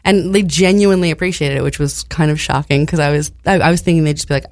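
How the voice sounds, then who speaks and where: Woman, lowish pitch, dry, animated storyteller, swears, jumps up high for quoted voices. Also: fast talker, few pauses, no room sound. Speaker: podcast co-host. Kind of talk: casual storytelling chat.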